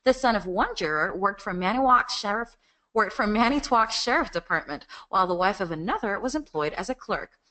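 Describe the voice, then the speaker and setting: A woman voicing an American narrator for a true-crime fact video, reading crisp informative narration. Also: mid-range voice, animated, fairly quick, pushed and bright.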